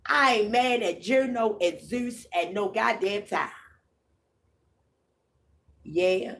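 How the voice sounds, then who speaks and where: Very slow-drawling woman livestreamer. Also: medium pitch, animated, fairly bright tone. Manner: slow, drawling, profane, repeats herself. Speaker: livestream host. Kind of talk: livestream storytelling.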